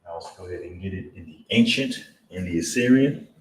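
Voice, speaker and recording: A man teaching a live-streamed lesson, drilling pronunciation slowly and checking in with viewers as he goes. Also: low-pitched, expressive, reverberant, recorded from a distance, slight background noise, poor audio. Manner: slow, drawn-out pronunciation drills with repeated check-ins.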